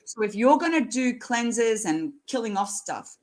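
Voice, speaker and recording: A woman's voice: fairly high pitch, sing-song, unhurried, darkish tone. Blunt woman in her sixties. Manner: blunt, earthy and laughing storyteller. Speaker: guest, nurse educator. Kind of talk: casual interview chat.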